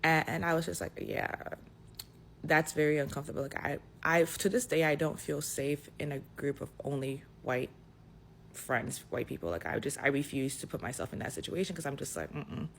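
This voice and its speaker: A young adult woman casually telling a personal story, animated and dotted with "like" fillers. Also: deep voice, moderate pace, creaky, slight background noise. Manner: animated retelling, full of "like" fillers. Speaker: storyteller in a clip.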